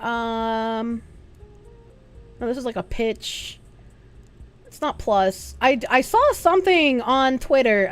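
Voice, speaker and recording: A woman streamer chatting casually, answering viewer chat aloud and swearing freely. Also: a little high.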